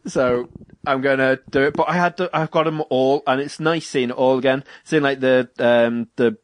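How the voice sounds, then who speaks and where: A man's voice: mid-range voice, fairly even intonation, moderate pace. A young British man co-hosting a podcast, rambling through stories and acting out what people said, with frequent laughs. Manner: rambling storyteller, acts out quotes, laughs often. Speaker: podcast co-host. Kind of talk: casual chat.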